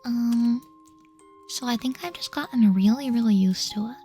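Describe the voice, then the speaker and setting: A woman streaming ASMR, speaking very close to the mic, whispering soft and doting reassurance and reading chat questions aloud. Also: fairly high pitch, moderate pace, soft background music.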